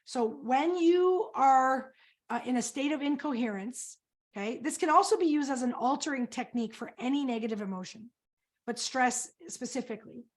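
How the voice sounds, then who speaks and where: A middle-aged woman coach giving an energetic webinar presentation, often quizzing her audience with questions. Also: high-pitched, normal speed.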